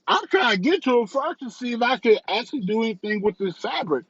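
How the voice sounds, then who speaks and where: A man's voice: sits high, lively intonation, fairly quick, hardly any pauses, no echo, lo-fi sound. A man from the south suburbs of Chicago giving a candid, rambling vlog review, repeating phrases and restarting sentences as he talks. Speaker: vlogger and entrepreneur.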